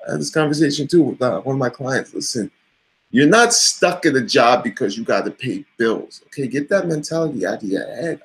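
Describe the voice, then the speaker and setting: A middle-aged man talks straight to the camera in a casual vlog. His voice is gravelly and sits at a middle pitch. He is blunt and motivational, and he swears freely. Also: very animated, a little fast, low-quality recording. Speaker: vlogger and coach. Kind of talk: casual talking-head vlog.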